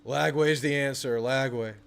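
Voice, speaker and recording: A young man hosting a live football watch party, chatting casually about the game and bursting into excited yelling at the TV on big plays. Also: mid-range voice, measured pace, creaky, smooth. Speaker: sports channel host.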